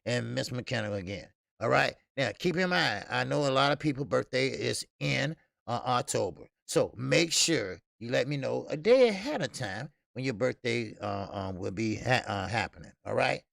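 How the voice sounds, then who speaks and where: A man's voice: medium pitch, expressive, normal speed, creaky, fairly bright tone, no echo, studio quality. A man hosting a casual boxing livestream, loose and profane, greeting viewers in the chat and laughing often. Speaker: host of a boxing talk stream.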